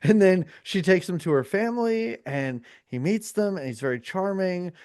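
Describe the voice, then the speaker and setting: A chatty podcast host talks casually and rambles, often circling back with "like" and quick restarts. The voice sits at a middling pitch. It is recorded close and dry, with no room sound. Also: lively intonation, darkish tone, smooth, dry recording. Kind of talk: casual chat.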